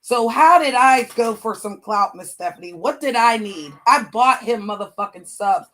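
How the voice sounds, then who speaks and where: A woman's voice: fairly high pitch, expressive, normal speed, a bit bright. A woman hosting a livestream, venting angrily about an ex in heated, profane casual chat. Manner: angry, profane venting rant. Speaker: livestream host.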